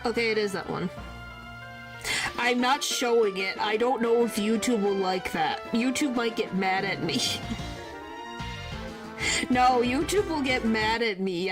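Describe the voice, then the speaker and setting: A woman streamer in casual live-stream chat, talking to her viewers and playfully complaining. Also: fairly high pitch.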